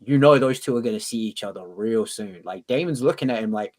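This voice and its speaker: A man with a lowish voice co-hosts a casual podcast debate, speaking excitedly in quick bursts full of restarts. He swears along the way and dramatizes the scenes he quotes.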